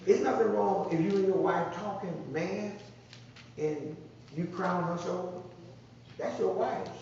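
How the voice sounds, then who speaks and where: A man's voice: high voice, a little slow, vocal fry, darkish tone, recorded from a distance, slight background noise. A man preaching a conversational sermon, repeating phrases and drawing responses from the congregation. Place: church sanctuary. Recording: echoey muffled church sound from afar.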